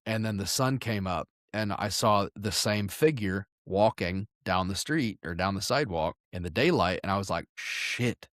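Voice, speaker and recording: Low-ish guy rambling through crude stories, fixing himself mid-sentence, dry close sound. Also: moderate pace, few pauses, dry recording. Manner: rambling, crude storytelling with self-corrections. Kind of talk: casual podcast chat.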